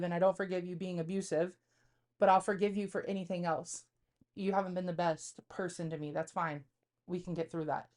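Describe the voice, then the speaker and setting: Speaking in a lowish, slightly mellow voice, a podcast co-host in her thirties opens up candidly and confessionally. The conversation is casual, and she rambles with frequent fillers.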